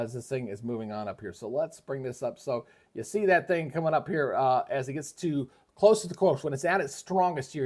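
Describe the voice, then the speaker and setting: A man's voice: mid-range voice, a little mellow. A man hosting a live weather stream from his home setup, talking casually with lots of fillers and restarts. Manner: rambling, folksy, many fillers and restarts. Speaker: livestream weather host. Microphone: switches between microphones, moves away from them.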